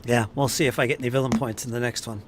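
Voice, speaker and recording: A man running a tabletop game, wrapping up the session in a relaxed, joking way while tired from no sleep. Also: mid-range voice, very fast, background noise. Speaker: game master. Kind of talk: post-session wrap-up chat.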